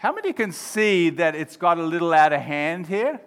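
A man's voice: sits high, very animated, normal speed, hardly any pauses, fairly bright tone. Joking male pastor preaching. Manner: humorous, engaging the congregation. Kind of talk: sermon. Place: church.

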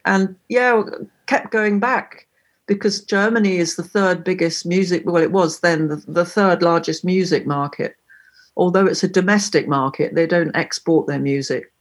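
A woman's voice: lowish voice, fairly even intonation, moderate pace. A woman on a call, chatting casually and telling stories from her touring days, playfully acting out examples. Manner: chatty storyteller, playfully demonstrates slang. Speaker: guest musician.

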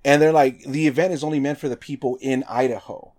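A man from Nevada telling a story in casual chat, animated and swearing, acting out quotes with lots of "like". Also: medium pitch, fast talker.

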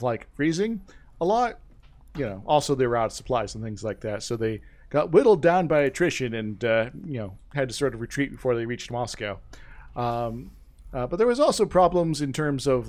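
A man's voice: medium pitch, darkish tone. A man co-hosting a casual talk show, rambling through a history story with many fillers and restarts. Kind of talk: casual chat.

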